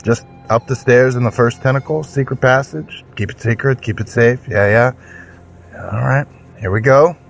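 A man's voice: mid-range voice, normal speed, creaky. A man hosting a fiction podcast, with a playful, theatrical manner and mock-grand fantasy banter. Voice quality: theatrical, jokey, mock-grand self-introduction. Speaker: podcast host.

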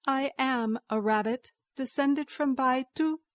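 Woman reader as a resolute rabbit-spirit young wife: calm, slow, measured. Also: high voice, no room sound, clean studio sound.

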